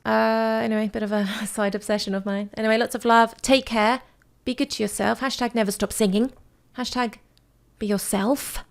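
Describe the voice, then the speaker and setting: A woman vocal coach with a fairly high voice, vocal fry, fairly even intonation and normal speed reacts to a song for her viewers in a casual vlog. She's chatty and rambling, full of fillers and affectionate asides.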